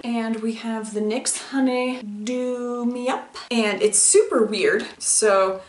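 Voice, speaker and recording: Woman, home beauty vlogger, slightly high voice, chatty and rambling, roomy echo. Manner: chatty, rambling, quick to laugh. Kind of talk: casual makeup vlog chat. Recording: roomy echoey room.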